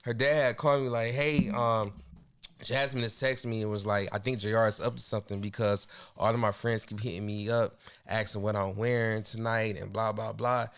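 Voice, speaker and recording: A man co-hosting a podcast, telling a story in a relaxed, laid-back way. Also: fairly low pitch, fairly quick, clear, resonant tone. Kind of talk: casual chat.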